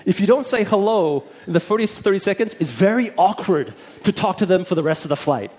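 A man's voice: sits high, expressive, a little fast, darkish tone. A man who is a minister, telling a personal testimony in a chatty storytelling way and acting out both sides of the conversation.

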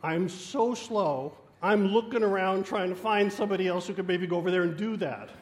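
A man preaching a sermon, telling a story in an animated and self-mocking way. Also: sits high, normal speed. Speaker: guest preacher.

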